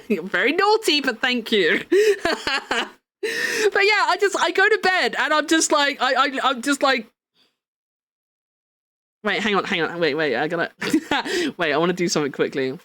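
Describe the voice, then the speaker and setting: A woman chatting casually on a live stream, excitable, swearing and laughing often. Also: on the high side, dry recording. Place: home room at a desk.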